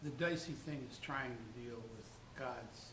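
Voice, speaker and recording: Man speaking up in a roomy church class. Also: a little slow. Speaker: class member. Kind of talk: questioning in class discussion. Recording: echoey room with background rumble.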